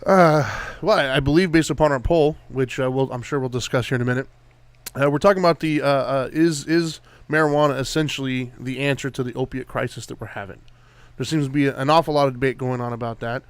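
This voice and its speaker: A man's voice: medium pitch, fairly even intonation, quick pace, clear, resonant tone, dry recording. A man co-hosting a casual live talk show, friendly and easygoing as he introduces guests. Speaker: co-host.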